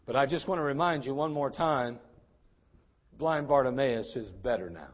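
A male pastor preaching an impassioned sermon in a church, swinging between loud and soft. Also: mid-range voice, normal speed, highs cut off.

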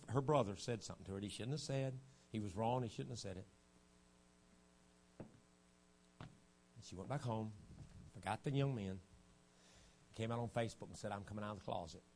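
A man preaching a revival sermon, dropping to a low, hushed storytelling voice and then rising to loud, shouted preaching. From United States. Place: church sanctuary. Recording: archived church recording with faint hum.

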